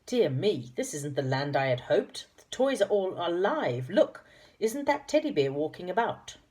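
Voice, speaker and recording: A woman's voice: lowish voice, big pitch swings, normal speed, a little mellow. A woman voicing a cheerful, cheeky man made of saucepans in a children's storybook, bouncy and playful. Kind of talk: storybook character voice.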